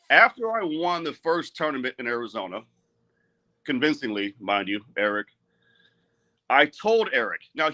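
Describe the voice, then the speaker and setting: A man's voice: medium pitch, pushed and bright. A middle-aged man, an arm wrestler, speaking bluntly and with a lot of swearing in a heated live-stream rant. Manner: profane, blunt and agitated.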